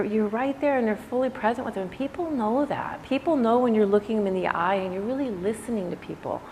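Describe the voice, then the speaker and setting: A woman's voice: medium pitch, a little mellow. A woman yoga teacher giving a casual, reflective talk to her class, conversational and full of "you know"s. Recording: echoey room with faint background noise.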